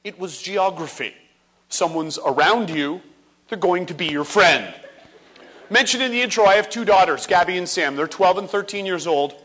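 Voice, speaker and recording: A man in his forties giving a comedic speech on stage, animated and acting out scenes for laughs. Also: sits high, normal speed. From Ontario, Canada. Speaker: motivational speaker. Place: stage before a live audience.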